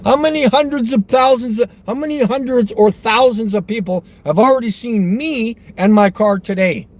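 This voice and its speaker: At a moderate pace, a very high-voiced man from Westchester County, New York, vlogs from his car with rambling, provocative, teasing talk and frequent laughter. Car noise runs in the background.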